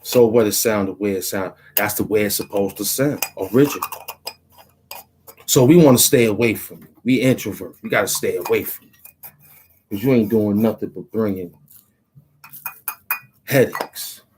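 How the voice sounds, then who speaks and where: A man's voice: lowish voice, normal speed, long pauses, a little mellow, a little hiss or hum, low-quality recording. A man, a rapper, talking in a loose, rambling monologue full of street slang and "you know what I'm saying", in a small cramped room.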